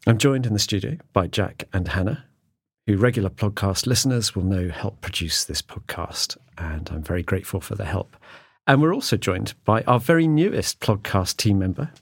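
A man's voice: fairly low pitch, lively intonation, moderate pace, gravelly, slightly rough, no echo. A man hosting a podcast in a studio, chatty and self-mocking, laughing often. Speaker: podcast host. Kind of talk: casual studio chat.

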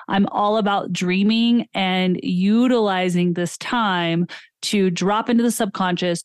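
A woman's voice: mid-range voice, no echo, clean studio sound. A woman hosting a podcast, speaking enthusiastically to listeners as friends while promoting a giveaway and a sleep guide. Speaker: podcast host and coach. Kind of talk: upbeat podcast intro and promo.

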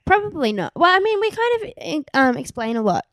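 A woman's voice: sits high, big pitch swings, fairly quick, fairly bright tone, no room sound, studio quality. A young Australian woman co-hosting a podcast in an easygoing, casual chat, laughing often. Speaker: podcast co-host.

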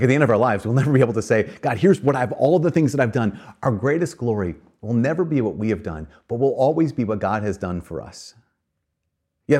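Guy giving a homily, kinda low husky voice, chatty and earnest, tells a story. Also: a little mellow. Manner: earnest, conversational preaching with storytelling. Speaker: priest. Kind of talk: sermon.

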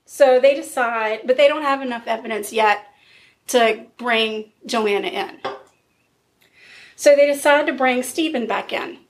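A woman hosting a podcast, casually telling a true crime case in a blunt, chatty way. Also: a little high. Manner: conversational, blunt, laughs often. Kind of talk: casual storytelling.

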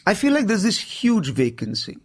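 A man with an Indian accent, a stand-up comedian in his thirties, chatting in an interview and telling animated stories, often saying "you know". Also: sits high, normal speed. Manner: lively storyteller, peppers speech with "you know". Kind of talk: casual interview conversation.

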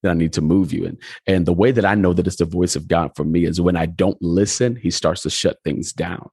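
A man's voice: low voice, fairly quick, slightly rough, dry recording, clean studio sound. A pastor telling his story in a conversational interview, acting out the dialogue as he goes. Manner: animated storyteller, acts out dialogue.

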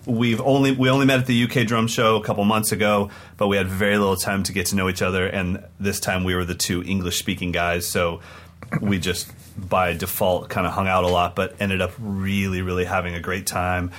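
Excited male podcast host, lowish voice. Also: fairly quick. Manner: excited, rambling storytelling. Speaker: podcast co-host and touring drum clinician. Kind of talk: casual podcast chat.

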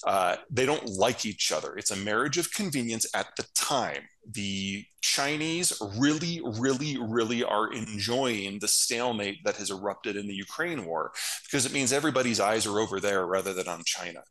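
Guy breaking down geopolitics, blunt and matter-of-fact, kinda low voice. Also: a little fast, a bit bright, rough recording. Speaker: geopolitical strategist guest. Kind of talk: casual analytical interview talk.

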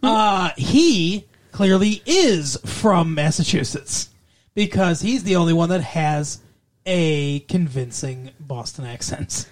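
A man's voice: on the high side, expressive, slow pace. A man co-hosting a podcast, chatting casually about a TV show with jokes and some swearing. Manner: joking, wisecracking, swears. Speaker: podcast co-host. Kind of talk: casual chat reviewing a TV show.

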